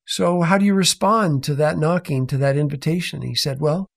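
A man's voice: fairly high pitch, moderate pace, creaky. A middle-aged man telling a faith story in an interview, acting out the people he quotes. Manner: animated storyteller, acts out quoted voices. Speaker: author and guest.

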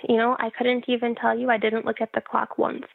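A woman's voice: on the high side, monotone, normal speed, gravelly, breathy edge, dry recording. A woman frankly telling her own story in a casual interview, wry and laughing at herself. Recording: tinny phone-like line.

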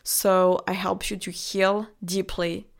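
This French woman has a gravelly, medium-pitched voice with a flat delivery and a slow pace. As a relationship coach hosting a motivational podcast, she speaks in a French accent and encourages the listener directly.

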